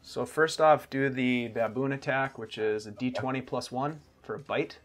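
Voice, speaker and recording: A man's voice: medium pitch, normal speed. A man with an ordinary mid-range voice runs a tabletop game as its game master. He calls hits and damage in an easygoing manner and describes the combat vividly. Faint music plays underneath.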